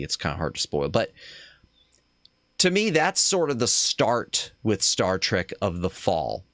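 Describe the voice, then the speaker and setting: A man's voice: lowish voice, a bit bright, dry recording, clean studio sound. A man hosting a casual chat stream, talking in a rambling, opinionated way that trails off and restarts as he goes. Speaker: streamer host.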